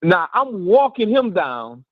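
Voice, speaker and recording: A man's voice: sits high, takes it slowly, no room sound, phone-quality sound. A middle-aged man telling a personal story on a talk radio show, acting out the voices of the people in it. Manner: animated, acts out voices in his story.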